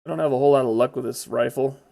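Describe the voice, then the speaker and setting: Gravelly guy chatting over his gameplay, blurts stuff out when something jumps him. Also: medium pitch, fairly even intonation, racing, warm tone. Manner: chatty, exclaims when startled. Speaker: gameplay commentator. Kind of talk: casual gameplay commentary.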